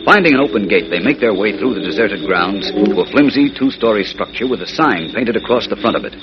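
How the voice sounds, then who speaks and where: A man's voice: on the low side, expressive, fairly quick, highs cut off, over a noisy crowd. A male announcer narrating a 1940s radio serial in a dramatic, suspenseful way.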